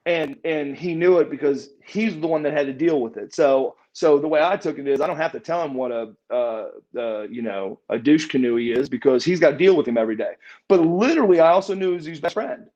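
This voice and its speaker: A man's voice: on the high side, animated, fairly quick, warm tone, highs cut off. A man telling stories as a podcast interview guest, rambling, restarting his words and chuckling often. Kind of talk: casual storytelling in a podcast interview.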